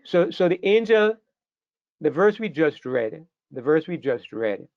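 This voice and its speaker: A man's voice: a little high, very animated, a little slow, gravelly, no room sound, highs cut off. Emphatic man teaching a Bible class. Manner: emphatic, repeats key words, checks listeners follow. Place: room with a class.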